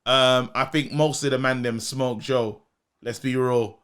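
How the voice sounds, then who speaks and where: A man, co-hosting a podcast in animated, slangy casual chat. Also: mid-range voice, a little slow, clear, resonant tone. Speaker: podcast co-host.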